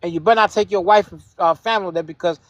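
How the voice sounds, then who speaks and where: Man, high voice, dry close sound, heated debate, confrontational, repetitive, profane. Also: racing, dry recording, muffled recording. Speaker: panel participant. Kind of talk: heated live-stream debate.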